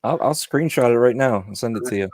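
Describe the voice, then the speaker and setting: A man's voice: medium pitch, fast talker, a little mellow, no echo. A man talking as a guest on a casual podcast, rambling and repeating himself with many "you know"s. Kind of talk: casual chat.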